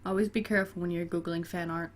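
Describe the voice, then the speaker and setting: A woman's voice: on the low side, fairly even intonation, fast. A woman gamer reading a dating game aloud and breaking off into chatty, giggly asides, including talking to her cat. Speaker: let's play gamer.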